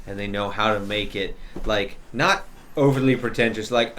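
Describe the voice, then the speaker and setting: A man's voice: fairly low pitch, moderate pace, fairly bright tone, slight background noise. A man narrating a tabletop game as dungeon master, loose and rambling. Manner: loose, rambling, many restarts.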